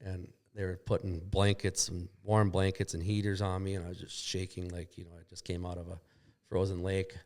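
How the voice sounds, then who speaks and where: Man, very deep voice, rambling, profane, casual storytelling, podcast guest. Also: flat delivery, fairly quick, darkish tone. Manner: rambling, profane, acts out quoted dialogue. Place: shop.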